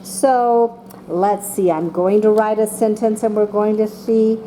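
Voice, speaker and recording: A woman teaching a class of young children, speaking slowly and patiently and calling on each child by name. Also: mid-range voice, slight background noise. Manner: slow and patient, calling on children by name, voicing excited examples.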